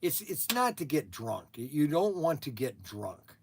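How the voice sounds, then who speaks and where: A man's voice: on the high side, sing-song, a little slow, slight background noise. A man hosting a store livestream, telling casual stories in a rambling way, repeating himself and laughing at his own tales. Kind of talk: casual storytelling.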